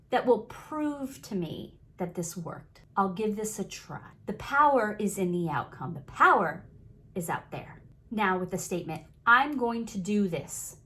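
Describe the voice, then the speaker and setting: A woman's voice: mid-range voice, a bit bright. A woman coaching viewers on manifesting in an emphatic motivational talk, repeating key phrases and stretching words for stress.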